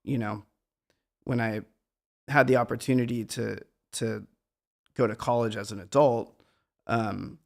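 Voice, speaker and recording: A man's voice: medium pitch, fairly even intonation, a little slow, vocal fry, pauses often. A middle-aged man, a guest musician, talking in a meandering, reflective and self-deprecating way in a casual conversation.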